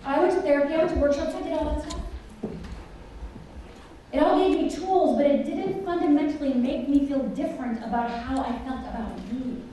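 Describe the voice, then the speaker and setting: A middle-aged woman telling a personal story to a conference audience, animated and often asking the listeners questions. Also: sits high, a little fast, distant mic, a little hiss or hum. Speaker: conference speaker. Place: large conference hall. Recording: echoey hall, voice picked up from afar.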